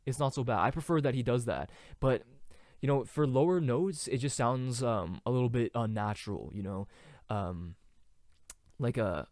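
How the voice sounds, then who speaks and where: A young man hosting a casual solo podcast, rambling with many fillers and now and then trying out falsetto singing. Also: moderate pace, darkish tone, dry recording, clean studio sound. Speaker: podcast host.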